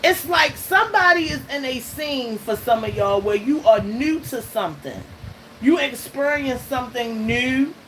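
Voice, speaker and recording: A woman's voice: sits high, measured pace. A woman reading tarot cards for her viewers in a casual, emphatic way, often checking in with "okay?" and laughing between points. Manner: emphatic, keeps checking in with "okay?" and "all right?"; laughs between lines, loose and conversational. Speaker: tarot reader hosting her channel. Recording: noisy recording with steady background noise.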